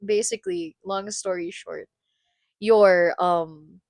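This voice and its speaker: A young woman with a Filipino accent chatting with viewers on a live stream, animated and laughing often, slipping between English and Tagalog. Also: medium pitch, slow, vocal fry, no echo. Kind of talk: casual chat with viewers.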